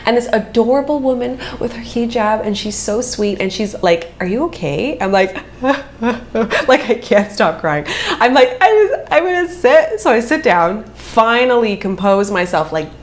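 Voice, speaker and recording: Chatty woman telling a story. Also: slight background noise. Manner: animated, chatty, acts out quotes with big pitch jumps. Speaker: vlogger. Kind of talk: casual storytime chat.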